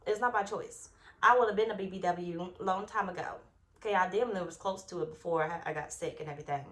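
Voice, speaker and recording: A woman's voice: fairly low pitch, steady tone, fast, fairly bright tone. A young adult woman giving a casual, rambling tarot reading, swearing often and talking with emphatic, fired-up force. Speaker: tarot reader.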